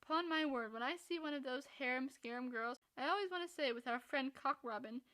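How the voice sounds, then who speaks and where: A woman voicing a charming, playfully mocking young gentleman in a storybook reading. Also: high voice, a little fast. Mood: teasing.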